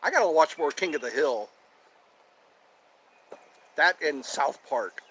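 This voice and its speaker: A man's voice: fairly high pitch, animated, takes it slowly, long pauses, a bit bright, husky. A man hosting his own show in a playful, rambling monologue, goofing around between topics. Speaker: host.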